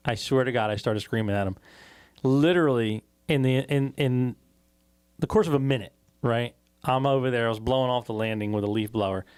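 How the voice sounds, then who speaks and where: Profane man telling a story. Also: medium pitch. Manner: profane, animated storyteller acting out quotes. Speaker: podcast co-host. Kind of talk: casual chat, storytelling.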